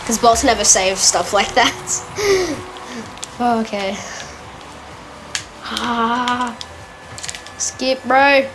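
A woman giving casual, excitable gameplay commentary, correcting herself quickly and laughing often. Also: on the high side. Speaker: gamer.

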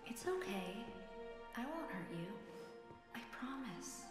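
An actress playing a gentle young woman in a game who coaxes a small creature in a soft, soothing voice. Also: on the high side, big pitch swings, slow pace. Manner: soft, soothing, hushed at times. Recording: echoey game audio with music.

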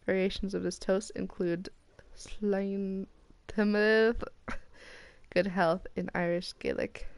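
An American woman streaming a game, chatting casually and getting excited as she opens loot boxes. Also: mid-range voice, creaky, no echo. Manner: excitable and chatty, squealing at rare items. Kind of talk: casual commentary while opening loot boxes.

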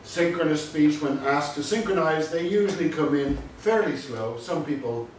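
A man's voice: medium pitch, slight background noise. A man giving a university lecture, explaining patiently with the odd dry aside. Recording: very echoey room, mic far off.

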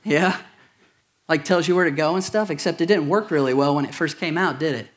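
A man's voice: a little high, fairly quick. A pastor preaching a sermon to his congregation, conversational and jokey, with asides and questions to the room. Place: church auditorium.

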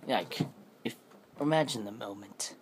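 Male storyteller, casual and rambling, with a deep, unhurried delivery. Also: slight background noise. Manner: rambling, self-correcting. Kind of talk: casual spoken scary story.

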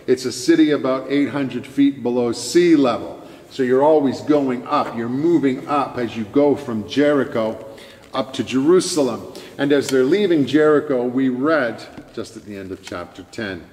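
A man preaching in a church sanctuary, measured and emphatic, with dramatic pauses and stresses. His voice sits at an ordinary middle pitch. It rings with a long, roomy reverb from the hall. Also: a little mellow, a little hiss or hum. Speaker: pastor. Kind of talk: sermon.

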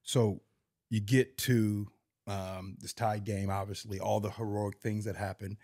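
A man's voice: lowish voice, flat delivery, measured pace, darkish tone. A man hosting a podcast, eagerly pressing his guest for details in casual interview chat. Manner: eager questioning, pushes for detail. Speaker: podcast host.

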